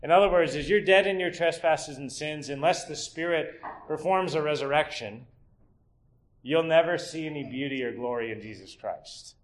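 Man preaching with rising emphatic questions. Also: normal speed. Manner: rises and swells in emphatic rhetorical questions, then drops low and quiet. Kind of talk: expository sermon.

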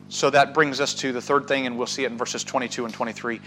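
A man preaching a sermon, swinging from loud urging to hushed, drawn-out words. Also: medium pitch, slight background noise, rough recording. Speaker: pastor.

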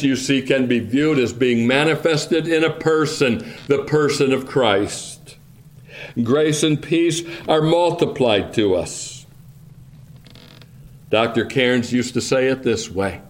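A man preaches at a very slow, deliberate pace, drawing out each phrase. He reads King James scripture in a measured, reverent cadence. His voice sits at a middling pitch. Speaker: pastor. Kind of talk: sermon.

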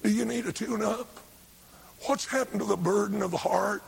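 An older preacher with a gravelly, raspy voice that sits high for a man. He tells a revival story with fervor, building to shouted lines when he voices the people in it. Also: steady tone, normal speed. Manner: fervent, rising to shouts when quoting.

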